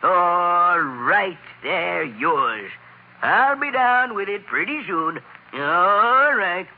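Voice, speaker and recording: A man's voice: high voice, animated, very slow, husky, heavily acted. An older man playing a kindly, busy Santa Claus who talks heartily with chuckles in a 1940s radio drama. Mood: jolly. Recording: tinny old radio recording.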